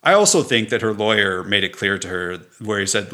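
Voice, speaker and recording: A man's voice: fairly low pitch, sing-song, a little fast, few pauses, sharp tone. A middle-aged entrepreneur speaking candidly and reflectively as a guest in an interview, sometimes laughing as he tells his stories. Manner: earnest, reflective, laughs while telling stories.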